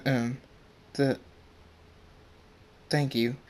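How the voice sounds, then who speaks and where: A man's voice: medium pitch, flat delivery, drawn-out words, a little mellow. A friendly young pegasus stallion talks casually, stumbling over his words, as a man reads his lines in an amateur story. The voice stays close to the reader's own. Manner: casual, hesitant, stammering.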